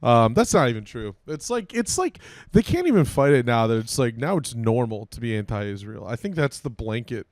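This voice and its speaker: A man co-hosting a comedy podcast, talking in a blunt, provocative, deadpan way. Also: mid-range voice, normal speed, few pauses, no room sound. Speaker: podcast co-host. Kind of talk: casual comedy podcast chat.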